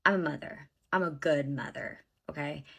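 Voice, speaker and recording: Calling her audience y'all, a thirtysomething woman delivers a casual storytime about herself in a blunt, cursing, exasperated manner. She speaks at normal speed in a low, gravelly, bright voice that's forceful with a breathy edge.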